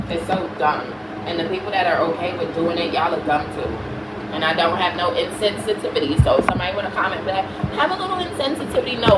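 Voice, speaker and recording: A woman with a Caribbean accent, a spiritual reader chatting bluntly and preachily to her viewers, repeating herself. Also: lowish voice. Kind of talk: casual spiritual chat to viewers. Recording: roomy, far from mic, loud background noise.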